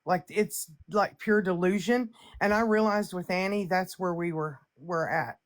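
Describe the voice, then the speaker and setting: A woman's voice: lowish voice, unhurried. A woman hosting a livestream chat, brash and profane, boasting and ranting in a casual way. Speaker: livestream host.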